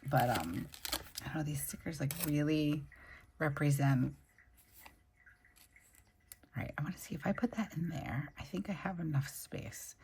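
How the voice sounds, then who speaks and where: Low, gravelly-voiced woman chatting while planning. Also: normal speed, long pauses, darkish tone, slight background noise. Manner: gushing, chatty, talks while sticking stickers. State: recovering from a migraine. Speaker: planner channel host. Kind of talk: casual plan-with-me chat.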